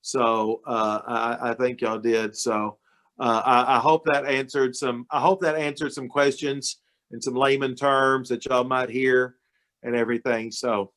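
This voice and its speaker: A man talks to a club meeting on a video call in a mid-range, level voice at a measured pace. He is the county judge guest speaker, recovering from illness, and his casual address is folksy, warm and built on stories.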